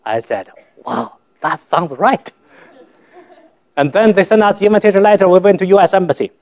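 A man from China, giving a church testimony in halting, simple English, often repeating and restarting words. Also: high-pitched, big pitch swings, a little mellow. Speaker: guest speaker giving testimony.

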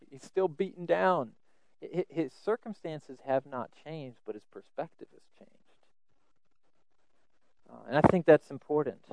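Earnest preacher with a smooth voice. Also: male voice, medium pitch, no echo, poor audio. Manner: earnest, repeats words when emphasizing; swings between loud emphasis and soft asides. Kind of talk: sermon.

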